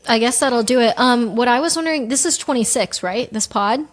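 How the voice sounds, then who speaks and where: A woman's voice: on the high side, fairly quick. A young woman co-hosting a podcast, reacting with short quips in casual chat. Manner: brief reactive backchannels and quips. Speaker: podcast co-host.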